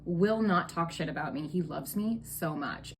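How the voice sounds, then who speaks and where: A woman's voice: lowish voice, expressive, normal speed, slight background noise. A woman voicing God as a bored, vain, profane man who brags about his favorite human. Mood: smug. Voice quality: breezy, profane, valley-girl chatter.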